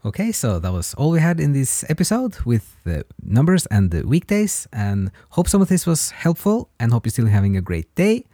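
Lively, mellow-voiced male language teacher. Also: medium pitch, dry recording, studio quality. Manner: patient, encouraging, pauses for listener practice. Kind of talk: podcast language lesson.

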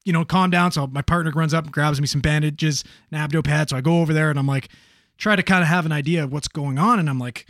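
A man with a slightly high voice tells a story in casual chat, animated and profane, full of fillers. He sounds close and dry, with no room around him. He works in emergency medical services. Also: fast talker, dry recording.

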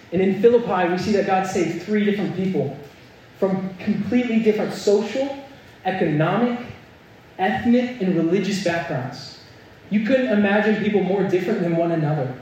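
A man's voice: sits high, a little mellow, a little hiss or hum. Young man preaching in an echoey church. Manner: storytelling, earnest, building to emphatic points. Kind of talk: sermon. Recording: echoey hall, mic at a distance.

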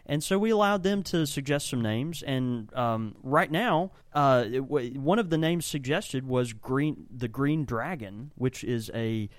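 A tobacco shop owner and blender talks on a casual podcast, his medium-pitched voice lively and unhurried with hardly any pauses. He chats enthusiastically and rambles, often restarting his sentences. There's no room sound.

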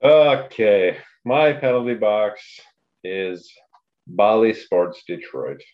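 Deep-voiced blunt man on a lo-fi recording. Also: lively intonation, slow pace. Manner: profane, blunt opinions. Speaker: podcast co-host. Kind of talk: casual sports chat.

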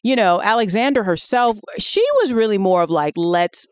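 A woman co-hosting a podcast, telling a story in a casual, animated way with laughter and many fillers. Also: mid-range voice, brisk, smooth, no room sound, clean studio sound. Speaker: podcast co-host.

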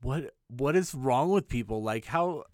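Lively man chiming in on a podcast. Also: mid-range voice, unhurried, no room sound, clean studio sound. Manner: reactive, chiming in with short agreements. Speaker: guest co-host. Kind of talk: casual gossip chat.

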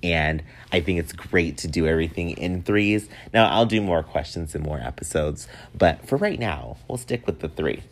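A man's voice: low-pitched, expressive, normal speed, few pauses. A man in his thirties hosting a solo podcast, chatting in a rambling, easygoing way and laughing often. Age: 30s. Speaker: podcast host. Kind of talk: casual solo podcast monologue.

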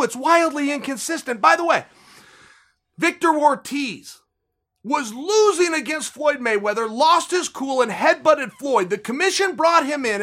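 Man, podcast host, high bright voice, heated, emphatic, indignant. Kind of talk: heated sports commentary.

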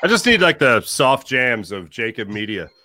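Upbeat male sports co-host, bright and lively, full of quick jokes. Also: mid-range voice, soft background music. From Philadelphia area. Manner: animated, jokey, quick tangents. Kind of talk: casual sports talk.

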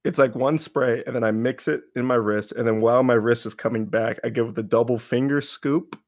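A man with a gravelly edge to his mid-pitched voice, co-hosting a podcast in loose, joking banter. He rambles and laughs through his stories. The sound is close and dry. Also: fairly even intonation, a little fast, darkish tone, no room sound. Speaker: podcast co-host. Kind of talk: casual chat.

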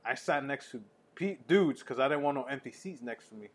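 A man telling a story in casual podcast talk, profane and animated, laughing often. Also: mid-range voice, brisk, husky. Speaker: podcast co-host.

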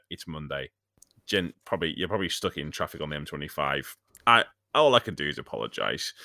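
A man chats as a podcast host with a bright, forward tone, his pitch bouncing around a lot. He rambles and jokes, stumbling through fillers and restarts. The sound is dry and close. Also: dry recording. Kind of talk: casual podcast chat.

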